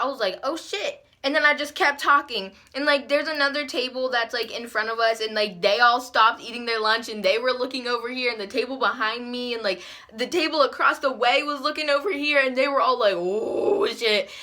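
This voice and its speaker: Casting: an animated teen girl with a bright voice who swears freely in a casual storytime vlog. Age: teens. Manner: animated and profane, acting out quotes with big jumps in pitch and loudness. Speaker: vlogger.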